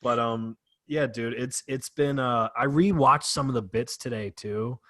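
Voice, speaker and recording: A man's voice: mid-range voice, measured pace, bright, forceful tone, dry recording. A young adult man hosting a podcast, chatty and loose, full of "like" and "dude". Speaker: podcast host. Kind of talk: casual chat.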